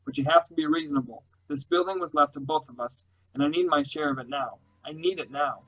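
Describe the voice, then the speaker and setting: A man's voice: on the high side, a little fast, fairly bright tone, rough recording. A man voicing a middle-aged uncle who pleads and insists, talking down as if to a child. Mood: pleading. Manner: wheedling, insistent.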